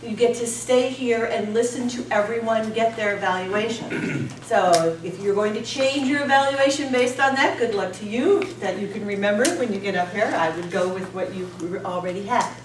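Brisk, reassuring woman leading a club session. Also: medium pitch. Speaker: evening's meeting leader. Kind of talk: running a practice seminar. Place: meeting room at a college. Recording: echoey room, distant mic, noisy.

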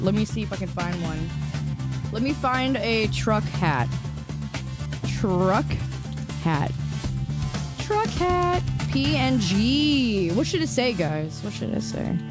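A young woman streamer chatting casually with her viewers, bantering playfully and teasing back with mock defensiveness. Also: fairly high pitch.

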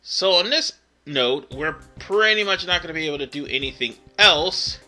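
Guy narrating his game playthrough, really bright sharp voice, rambles and corrects himself a lot. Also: a little high, lively intonation, normal speed, soft background music. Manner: rambling, self-correcting, with fillers. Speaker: let's play host. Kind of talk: casual gameplay commentary.

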